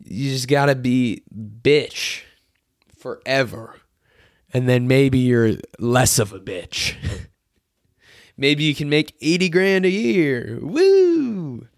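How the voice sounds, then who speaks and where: A hoarse young man hosting a solo podcast from his bedroom, ranting in a frustrated, profane way and mocking others in put-on voices. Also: mid-range voice, takes it slowly, long pauses, no room sound, studio quality. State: sick and tired, hoarse.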